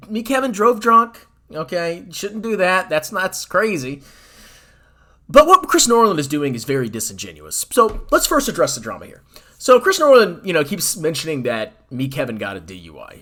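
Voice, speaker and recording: A male finance commentator launches into a heated, sarcastic ranting commentary video, mocking his target as he goes and addressing his audience directly like a host. His pitch swoops wildly and his voice carries a bright, forceful edge, though his speed stays normal.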